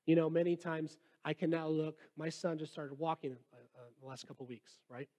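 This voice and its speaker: High-voiced young man preaching casually. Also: steady tone, fairly quick, dark tone. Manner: casual, jokey preaching with reading aloud. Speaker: youth pastor. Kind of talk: sermon.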